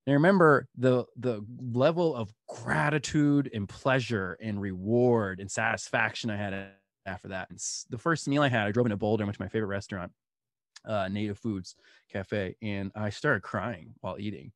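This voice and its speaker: Animated man telling his story. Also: fairly low pitch, normal speed, no echo, clean studio sound. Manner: animated, laughs through stories. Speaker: guest. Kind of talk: storytelling interview.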